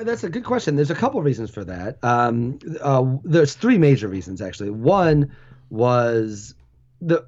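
A middle-aged man talking casually as an interview guest, animated, laughing often and restarting sentences. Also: mid-range voice. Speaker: guest, former sports website founder. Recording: dull lo-fi audio.

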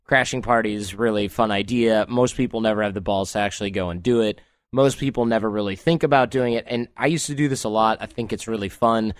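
A man's voice: on the low side, a little fast, clean tone, no room sound, studio quality. A man hosting a casual podcast conversation, chatty and storytelling, laughing easily. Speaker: host.

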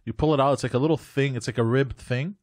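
A man in casual chat, telling a rambling account in halting, repetitive phrases. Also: medium pitch, darkish tone. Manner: rambling, halting, repeats himself.

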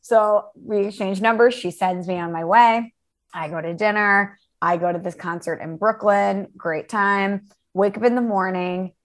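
A woman co-hosting a podcast, telling a story in a chatty, animated way with quoted dialogue. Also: mid-range voice, measured pace. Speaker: podcast co-host. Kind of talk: casual storytelling chat.

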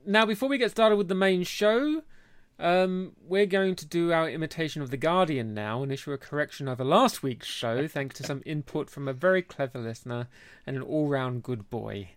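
A man's voice: fairly high pitch, normal speed, clean tone, dry recording, clean studio sound. A man hosting a beer podcast, chatting casually and teasing his co-host with jokes. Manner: jokey, teasing banter. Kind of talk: casual chat.

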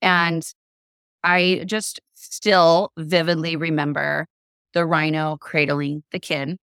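A woman in casual conversation, telling a lively story with lots of "like" and acted-out quotes. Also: deep voice, slow pace, clear, resonant tone, no echo, clean studio sound. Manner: animated, acts out quoted voices, many "like" fillers. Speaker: podcast guest.

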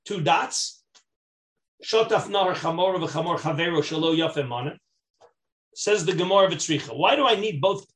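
A rabbi with a fairly high voice leads a Talmud class. He reads the text aloud, then walks through it point by point in English. He grows animated when stressing a point and keeps checking that the class is following. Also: moderate pace. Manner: explains step by step and checks in with the class; mixes Aramaic text reading with English explanation. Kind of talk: Talmud study lecture.

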